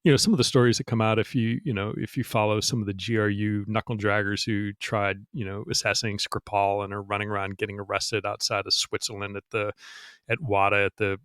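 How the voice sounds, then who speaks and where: A man's voice: on the low side, level tone, brisk, fairly bright tone, clean tone, dry recording, clean studio sound. A middle-aged man, a guest in an interview, explaining things frankly in a rambling, casual way full of restarts. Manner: rambling, frank, peppered with "you know" and restarts. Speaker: guest, former counterintelligence agent.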